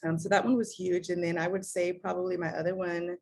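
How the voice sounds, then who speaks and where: Gravelly-voiced woman telling a candid story. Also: lowish voice, level tone, brisk, a little mellow. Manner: candid, swears casually, acts out her own past lines. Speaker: guest. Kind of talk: casual conversation.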